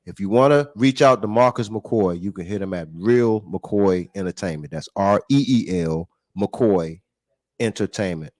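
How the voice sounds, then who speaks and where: A man's voice: on the low side, measured pace, a little mellow. A man hosting a casual chat, explaining acting in a laid-back, earnest way.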